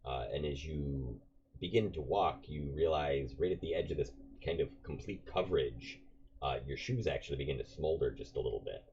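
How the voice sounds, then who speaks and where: Very deep gravelly-voiced male game master. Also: moderate pace, darkish tone. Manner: rambling, many fillers and restarts. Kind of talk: narrating a tabletop game. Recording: dull lo-fi recording with faint noise.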